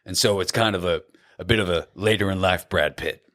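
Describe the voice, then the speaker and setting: A man's voice: low voice, brisk, fairly bright tone, no echo, studio quality. An Australian actor, a man, chatting animatedly as a podcast guest, with lots of restarts. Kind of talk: casual podcast chat.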